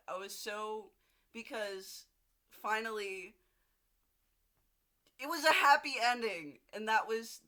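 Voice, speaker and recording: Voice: medium pitch, pushed and bright. A vlogger in a casual video diary, rambling and gushing, with frequent restarts and casual swearing, seated at home.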